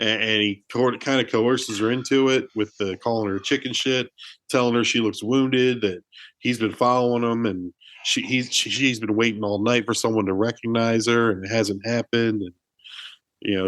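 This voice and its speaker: A man's voice: medium pitch, fairly even intonation, moderate pace, fairly bright tone, no echo. Casual guy on a movie podcast, rambles and retells scenes, dry close sound. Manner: chatty storyteller, many "like"s and restarts. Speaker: podcast co-host. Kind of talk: casual film discussion.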